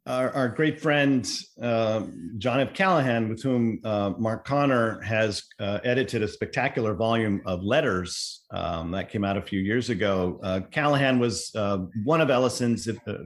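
A middle-aged man speaking at a panel discussion, digressive and lively, full of fillers and restarts, rising sharply when he exclaims. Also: fairly low pitch, normal speed, hardly any pauses. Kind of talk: animated panel talk.

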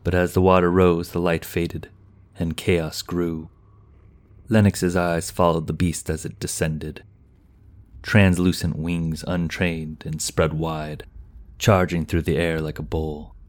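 A man narrating a fantasy audiobook in a slow, even, measured way. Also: sits low.

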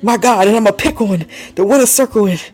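A man's voice: high-pitched, fairly quick, darkish tone. A man preaching an emotional sermon, exhorting his listeners, laughing often and breaking into tongues between lines. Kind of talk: fiery sermon.

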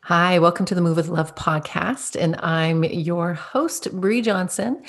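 A woman podcast host with a notably low voice, talking in an upbeat, effusive way. She laughs easily, and faint music plays behind her. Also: unhurried. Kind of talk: podcast intro and interview.

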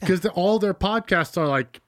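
A man's voice: high voice, normal speed, no room sound, clean studio sound. A man in his thirties co-hosting a podcast, bantering and teasing in casual chat. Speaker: podcast co-host.

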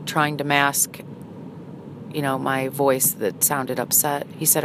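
A middle-aged woman telling a personal story in a halting, hesitant, earnest way. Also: very deep voice, level tone, creaky. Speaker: vlogger. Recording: noisy, with vehicle sounds behind.

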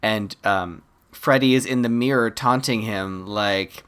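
Wry, animated podcast co-host recapping a film. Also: mid-range voice, measured pace, clean tone. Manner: animated storyteller, laughing, wry asides. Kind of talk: casual chat recapping a film.

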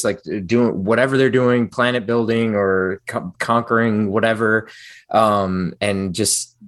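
Hesitant, low-voiced male co-host. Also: dry recording, clean studio sound. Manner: hesitant, rambling, many fillers. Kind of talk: casual podcast chat.

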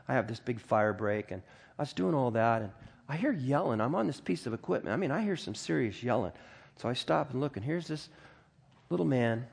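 A man's voice: medium pitch, a little mellow. A middle-aged man preaching a sermon as pastor, earnest and emphatic, often restarting and stumbling over words.

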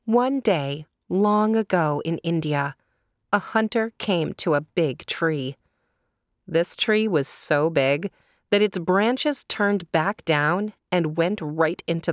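Slow, gentle woman reading a children's story. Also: lowish voice, dry recording, studio quality. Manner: slow, gentle, asks listeners questions.

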